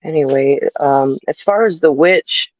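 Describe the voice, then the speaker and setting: A woman co-hosting a casual conversation, who talks slowly and carefully and often pauses to check details. Her voice comes through a muffled, lo-fi recording. The sound is dry and close. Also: sits low, no echo. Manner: measured, fact-checking, hesitant with fillers. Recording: dull lo-fi sound.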